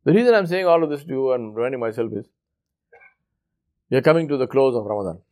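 A fast-talking male preacher with a somewhat dark tone and lively intonation tells a story in his sermon. He performs the characters' voices and sinks low when he draws out the lesson.

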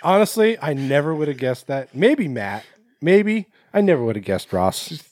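Guy podcast host reading news out loud, trips over words, swears, laughs a lot, lively pitch, dry close mic. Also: normal speed, dry recording. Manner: laughing, profane, stumbles while reading. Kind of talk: casual chat, reading news aloud.

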